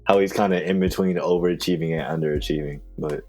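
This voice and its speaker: A man's voice: low voice, fairly even intonation, fast talker, darkish tone, faint music behind. A man co-hosting a sports podcast, talking in opinionated, teasing casual chat. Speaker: podcast co-host.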